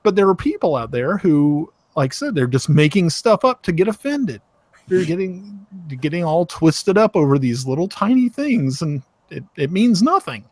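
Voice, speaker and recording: A Southern man talks over a video call in a loose, halting way, restarting sentences and filling pauses. His voice sits a touch high and swings lively up and down. The sound is dry and close. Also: no room sound. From Tennessee. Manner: halting, many restarts and fillers, chuckling. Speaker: host. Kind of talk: casual online chat.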